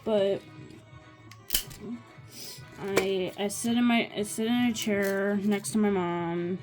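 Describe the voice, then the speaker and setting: A woman's voice: mid-range voice, steady tone, slow pace, music in the background. A young woman telling a rambling personal story in a casual chat while crafting, often restarting her sentences. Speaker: vlogger.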